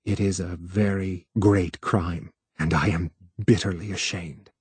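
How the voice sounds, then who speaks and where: A man voicing an earnest male technician who talks in an insistent, pleading way, often lower and quieter. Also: normal speed, slightly rough, dry recording, close to an everyday voice. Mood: ashamed.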